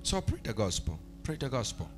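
A man preaching a fervent church sermon, swinging between shouted, sing-song lines and hushed, quiet ones. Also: mid-range voice, sing-song, brisk, faint music behind. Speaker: pastor. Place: church service.

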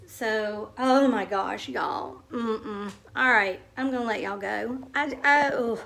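A middle-aged woman tells a story to the camera in a chatty, excitable vlog, swearing casually and calling her viewers y'all. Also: on the high side, slow, creaky, few pauses. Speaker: vlogger.

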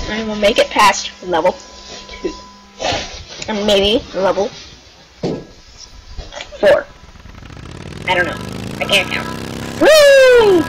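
Woman let's-player: excitable, unhurried between shrieks, with game music behind. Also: high voice, low-quality recording. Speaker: gameplay commentator. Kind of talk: let's play commentary.

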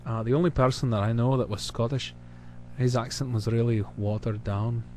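A man from the United States chatting casually with hesitant pauses as the host of his own channel. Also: mid-range voice, steady tone, mellow, slight background noise. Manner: rambling, hesitant, full of pauses. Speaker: channel host answering questions. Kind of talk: casual recorded chat.

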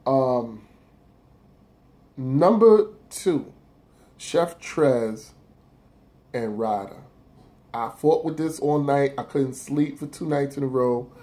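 A man's voice: medium pitch, animated, takes it slowly, pauses often, dark tone. A man casually counting down his favorite rap battles of the year on his own blog, talking loosely and cursing freely. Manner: loose, profane, rambling street talk.

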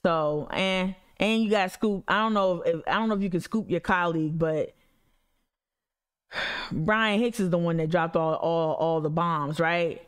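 A woman's voice: on the low side, a little slow, clean tone. Blunt, profane woman. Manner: blunt, profane, swings between animated rants and mumbled reading. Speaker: activist commentator. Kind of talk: casual commentary reading news aloud.

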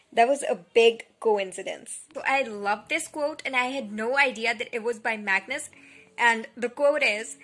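A young woman in a reading vlog, reading quotes aloud and reacting with animated, gushing enthusiasm. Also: a little high. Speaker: book vlogger. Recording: soft music bed behind the voice.

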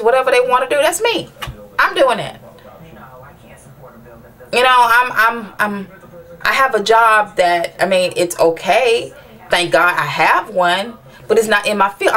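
A woman's voice: fairly high pitch, fairly bright tone. A mother venting in a personal vlog, rambling and frustrated, with many restarts as she asks viewers for advice.

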